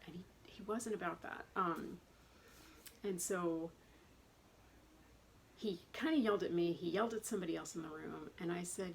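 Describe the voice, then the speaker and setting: A woman's voice: lowish voice, a little fast, gravelly, rough recording. A middle-aged woman talking casually and at length in a personal vlog, rambling and chatty. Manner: chatty, rambling, self-described talker. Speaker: vlogger. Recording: faint background noise.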